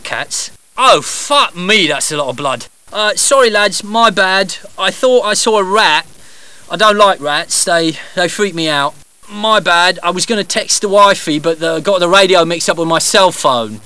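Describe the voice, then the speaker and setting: A man's voice: on the high side, pushed and bright, clean tone. An actor voicing a brash, foul-mouthed male heist gunman in game voice lines, crude and rallying his crew. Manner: crude, swearing, cheering teammates on.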